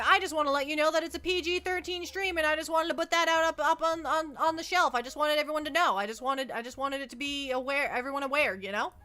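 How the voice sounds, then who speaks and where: A woman's voice: sits high, pushed and bright. A young woman chatting casually on a livestream, rambling and self-deprecating, often tripping over and repeating her words into a close desk mic. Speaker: VTuber streamer.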